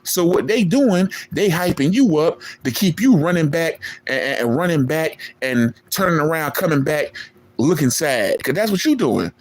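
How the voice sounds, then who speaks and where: A man's voice: fairly high pitch, animated, normal speed. Boastful man ranting at a rival. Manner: boastful, taunting, profane, street slang. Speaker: online streamer. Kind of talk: callout rant to a rival.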